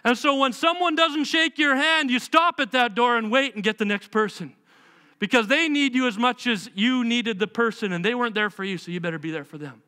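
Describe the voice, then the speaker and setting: Bright, high-pitched animated preacher man. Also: brisk, clear, resonant tone. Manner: emphatic, animated preaching with rhetorical questions. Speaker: pastor. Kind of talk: sermon. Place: church sanctuary.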